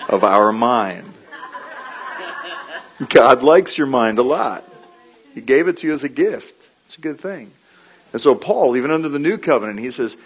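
Husky-voiced man preaching with animated stories. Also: medium pitch, poor audio. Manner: animated storytelling with quick laughs and repeated key lines. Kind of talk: sermon.

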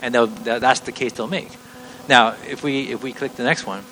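In a low-quality recording with a faint background hum, a middle-aged preacher teaches earnestly, point by point, repeatedly looping back and starting sentences over. His voice is an ordinary male pitch, bright and forceful, with fairly even intonation and a moderate pace.

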